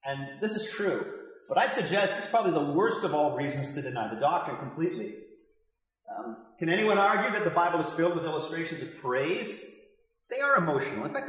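A man's voice: high voice, a bit bright. An older man, a pastor, giving a passionate, conversational Bible teaching with asides to his listeners. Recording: very echoey hall reverb.

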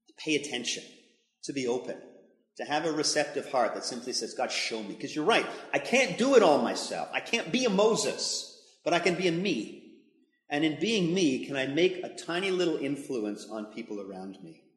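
A man preaching a sermon as pastor, conversational and emphatic, speaking in a church hall. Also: mid-range voice. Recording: echoey hall with long reverb.

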